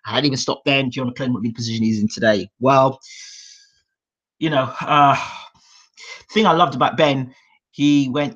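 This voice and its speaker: A British man hosting a boxing channel, telling stories in a rambling, animated way with fillers and acted-out quotes. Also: medium pitch, moderate pace, pauses often. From United Kingdom. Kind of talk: animated storytelling monologue. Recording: dull lo-fi sound.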